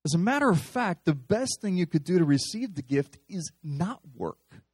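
Pastor, man with a high voice and a dry, close sound, telling stories from the pulpit and stumbling through restarts. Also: big pitch swings, moderate pace, a little mellow, husky, no room sound. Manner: conversational, storytelling with repeated restarts. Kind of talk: sermon.

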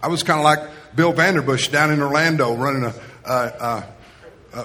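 Bright-voiced preacher in an echoing hall. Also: male voice, fairly high pitch, brisk. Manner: storytelling, acts out quotes. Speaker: pastor. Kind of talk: sermon. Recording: reverberant hall.

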